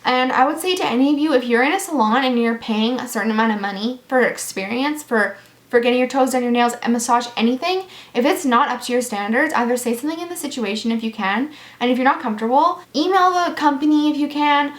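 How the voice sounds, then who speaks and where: A woman's voice: sits high, fast talker. A young woman telling a casual storytime rant to her viewers, sassy and exasperated, peppered with "like". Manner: sassy, exasperated, heavy use of "like". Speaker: vlogger. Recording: echoey room.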